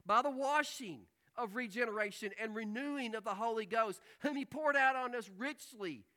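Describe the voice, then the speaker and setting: A man preaching a sermon, who swings between hushed, slow stretches and loud, emphatic outbursts. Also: very high-pitched. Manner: dynamic preaching, drops to hushed tones and rises to emphatic outbursts. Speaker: pastor.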